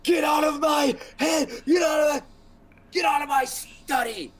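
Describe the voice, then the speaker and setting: Casting: man playing a haughty, half-mad old wizard, very high and shrill, bossy. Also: a little slow, fairly bright tone, raised voice. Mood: shrill indignant. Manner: shrieking, indignant, bossy.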